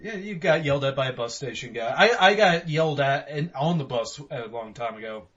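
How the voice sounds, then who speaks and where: A man's voice: medium pitch, lively intonation, a little fast, dull audio. A man co-hosting a casual horror podcast, joking around and acting out silly voices. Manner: jokey, acts out silly shouted voices. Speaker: podcast co-host.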